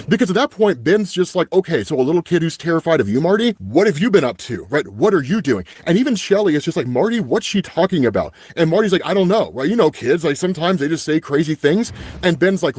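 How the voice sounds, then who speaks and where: A man's voice: on the high side, big pitch swings, fast, few pauses, darkish tone, slightly rough, dry recording, clean studio sound. A young man hosting a casual comic book recap, animatedly paraphrasing the characters' dialogue with frequent "right?" asides. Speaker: comic book channel host.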